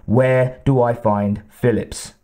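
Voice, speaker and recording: Male narrator as hard-nosed homicide detective, audiobook, blunt and quietly menacing, dark mellow tone. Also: mid-range voice, steady tone, takes it slowly, natural voice. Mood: grim.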